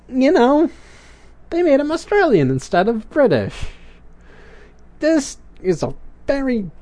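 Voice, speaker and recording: Slow, lively rambling cartoon reviewer. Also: mid-range voice. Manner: rambling, puzzled, questioning asides. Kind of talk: casual commentary.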